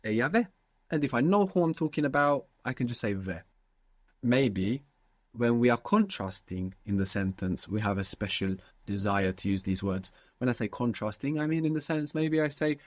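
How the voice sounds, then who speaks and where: A man's voice: medium pitch, lively intonation, normal speed, no echo. A man teaching a language lesson, patiently prompting his student with questions.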